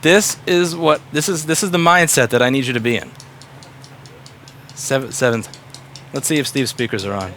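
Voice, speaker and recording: A man's voice: medium pitch, moderate pace, pauses often, fairly bright tone, a little hiss or hum. A man running a repair shop, giving blunt, profane instructions to his staff in casual workplace talk.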